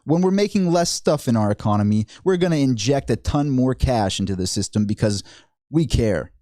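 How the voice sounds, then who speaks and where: A man's voice: medium pitch, expressive, normal speed, dark tone, dry recording, clean studio sound, close to an everyday voice. A man mocking a smug bank chairman. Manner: mocking, self-satisfied parody. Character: smug complacent male central bank chairman.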